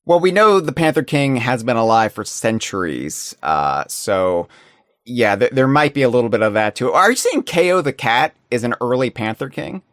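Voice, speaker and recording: Podcast co-host, man, mid-pitched, rambling and animated, dry close mic. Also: moderate pace, dry recording. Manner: rambling, animated, many restarts and fillers. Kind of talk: casual podcast chat.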